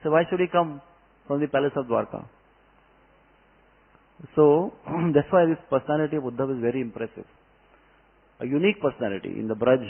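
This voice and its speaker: A man giving a devotional scripture class, telling stories with emphatic delivery. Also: mid-range voice. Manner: storytelling, emphatic. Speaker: spiritual teacher. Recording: tinny phone-like line.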